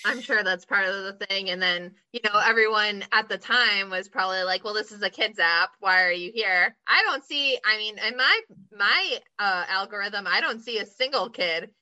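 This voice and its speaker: A woman in casual conversation, speaking in a relaxed, conversational way. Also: mid-range voice, moderate pace, few pauses, highs cut off.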